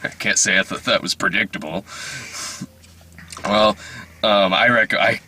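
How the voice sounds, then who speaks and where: A man's voice: on the low side, unhurried, slight background noise. A man chatting casually in a dim movie theater after a screening, laughing often as he reviews the film. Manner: giggly, laughs often, animated.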